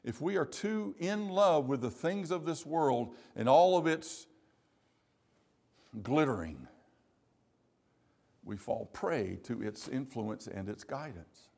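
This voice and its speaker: Man preaching a measured, emphatic sermon. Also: mid-range voice, expressive, vocal fry, darkish tone. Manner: measured, emphatic preaching with slow stressed phrases. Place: church.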